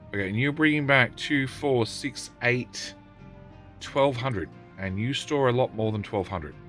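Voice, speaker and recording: Casual streamer, middle-aged male, bright forward tone, faint background music, talks to units and chat. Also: mid-range voice. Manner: talks to in-game units, banters loosely with chat. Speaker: game streamer. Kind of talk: live gameplay stream, chatting with viewers.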